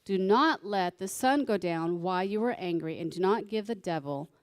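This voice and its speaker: A woman's voice: mid-range voice, animated, moderate pace. A woman giving a sermon alongside her husband, conversational and teasing as she explains scripture.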